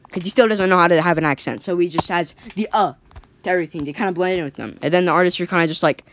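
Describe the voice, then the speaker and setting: An animated storyteller talks through a cartoon plot in a loose, rambling way. Sentences tumble along with constant fillers and restarts, and the quoted lines jump up in pitch and loudness. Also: quick pace, a little hiss or hum. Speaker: storyteller retelling a cartoon episode. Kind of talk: casual excited retelling.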